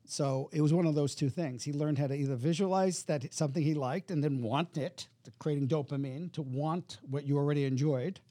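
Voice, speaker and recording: Brief: male guest with a fairly high, mellow voice, explaining, close and dry. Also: fairly quick, hardly any pauses, no room sound. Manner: explanatory, acts out voices in anecdotes. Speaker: hypnotherapist guest. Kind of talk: interview conversation.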